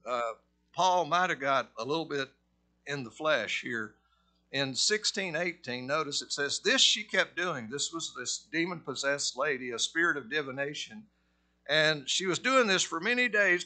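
A middle-aged pastor from Georgia with a Southern accent, preaching a conversational sermon that rises to forceful emphasis. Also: male voice, fairly high pitch, lively intonation, a little slow. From Georgia, USA.

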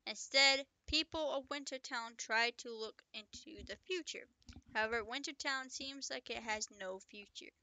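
Bright, chatty woman reading her own story. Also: fairly high pitch, normal speed, no room sound. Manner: chatty, breaks off to joke and comment. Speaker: author reading own book. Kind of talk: casual story reading with asides.

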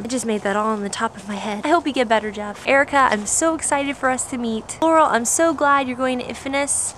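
A young woman vlogger chatting in a bubbly, rushed way to her viewers. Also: on the high side, fairly bright tone, a little hiss or hum. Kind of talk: casual vlog chat.

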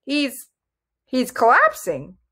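A woman's voice: a little high, animated, moderate pace, close to an everyday voice. A woman playing a frightened young princess. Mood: stunned. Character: frightened young princess, timid but brave.

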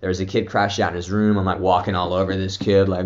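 A man's voice: sits low, fairly even intonation, fairly quick, darkish tone, muffled recording. Laid-back young man telling a trip story. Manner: loose, profane, laughing storyteller with many fillers. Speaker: vlogger. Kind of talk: casual storytelling, trip report.

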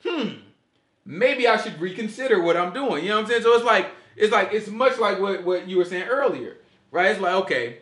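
Animated man preaching in an echoey room. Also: high-pitched, normal speed. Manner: animated, asks the group questions, repeats "you know what I'm saying". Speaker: teacher leading a Sabbath study. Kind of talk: casual preaching to a small group.

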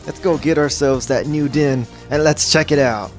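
Guy doing jokey game commentary, slightly high voice, faint music behind. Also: moderate pace. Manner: rambling, jokey, easily sidetracked. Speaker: gaming YouTuber. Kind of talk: casual gameplay commentary.

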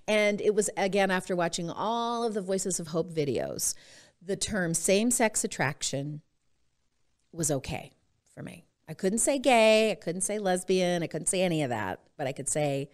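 A middle-aged woman from Utah, a podcast guest telling her personal story in an expressive way and laughing often. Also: on the low side.

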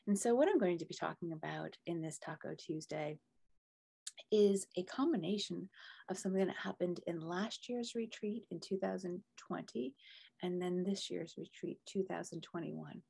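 A middle-aged woman coach and mentor in an earnest, casual video talk, telling a story with soft whispered asides. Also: fairly low pitch, moderate pace, gravelly, husky. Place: home room with green screen.

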